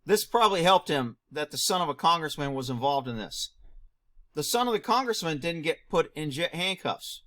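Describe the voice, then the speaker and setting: A man reacting to a news clip, firing off rhetorical questions, answering them himself and shouting mocking asides. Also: a little high, expressive, normal speed. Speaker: video commentator; former police officer.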